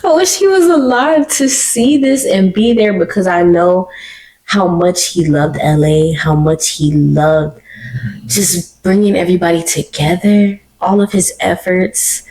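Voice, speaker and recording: A woman hosting her own podcast, talking alone in an animated, emotional and slangy way. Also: lowish voice, a little slow, rough recording. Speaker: podcast host. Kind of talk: casual solo commentary. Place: living room.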